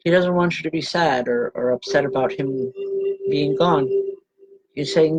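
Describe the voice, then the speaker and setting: A woman reverend giving live spirit readings to viewers, speaking gently and haltingly and calling people by name. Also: low-pitched, steady tone, husky, poor audio.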